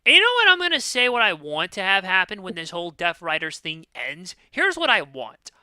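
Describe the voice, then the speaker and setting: A woman's voice: lowish voice, wildly swooping pitch, brisk, bright, forceful tone, dry recording. A woman co-hosting a wrestling predictions show, swearing freely and ranting, swinging between fuming outbursts and tired sighs. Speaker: podcast co-host. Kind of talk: casual wrestling prediction chat.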